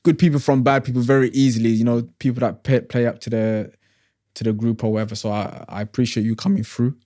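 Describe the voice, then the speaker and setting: A man hosting a podcast, asking questions in a relaxed, affirming way. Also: medium pitch, quick pace, dry recording, clean studio sound. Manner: relaxed, affirming, soft murmurs of agreement. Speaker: podcast host. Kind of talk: casual interview chat.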